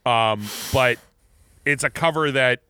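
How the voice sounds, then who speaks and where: A man's voice: medium pitch, takes it slowly, bright, forceful tone, clean tone, no echo, clean studio sound. A man co-hosting a podcast in casual chat, rambling and restarting his sentences often. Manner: rambling, with many false starts. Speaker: podcast co-host.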